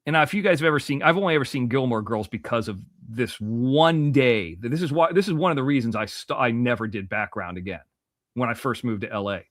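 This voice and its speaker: A man in his forties, originally from Florida, telling a long story as a podcast guest, animated and profane, full of restarts and asides. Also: mid-range voice, brisk, no room sound, clean studio sound.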